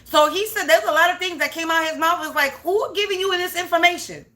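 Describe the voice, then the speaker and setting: Speaking very fast in a very high, sharp voice, a woman spiritual reader goes on an unscripted tirade to camera. She's profane and emphatic, repeating herself to underline what she means.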